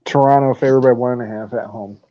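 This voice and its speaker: A man's voice: medium pitch, fairly even intonation, fast, slight background noise. A man hosting a sports picks podcast in a casual, profane style, laughing often while he tells stories. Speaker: podcast host running weekly picks. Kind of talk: casual chat. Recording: dull lo-fi audio.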